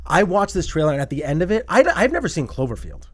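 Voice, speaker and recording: A man hosting a casual movie chat podcast, excitable and quick to act out loud reactions. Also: a little high, no echo, clean studio sound. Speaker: podcast host.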